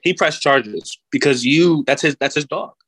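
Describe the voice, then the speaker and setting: A man's voice: fairly high pitch, moderate pace, fairly bright tone, slightly rough, no room sound, poor audio. A young man co-hosting a podcast in casual chat, joking along and stumbling through restarts. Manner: joking, stammering with many restarts. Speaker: podcast co-host.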